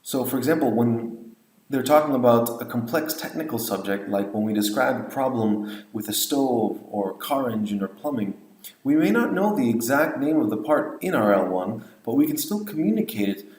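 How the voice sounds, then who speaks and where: A man's voice: medium pitch, lively intonation, moderate pace, a little mellow, echoey room, low-quality recording. A man lecturing on language teaching, explaining points and modeling example phrases. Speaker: English teacher trainer.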